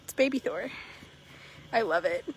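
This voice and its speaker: A woman horse trader telling animated, laughing stories in casual chat, swearing freely. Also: medium pitch, a little slow.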